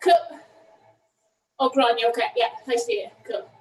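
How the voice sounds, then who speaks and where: A woman's voice: a little high, fairly even intonation, normal speed, recorded from a distance, a little hiss or hum. An Irish woman leading an online indoor cycling class, talking while eating and apologizing for it. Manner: talking with food in her mouth, apologetic. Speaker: cycling coach. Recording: echoey room, away from the mic.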